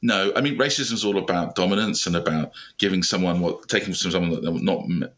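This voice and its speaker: A middle-aged man with a British accent chats as a podcast guest. His voice sits very low yet carries a bright, forceful edge. He tells stories with dry, self-deprecating humour. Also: fast, lo-fi sound. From Britain. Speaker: startup founder, guest. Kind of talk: podcast interview, conversational.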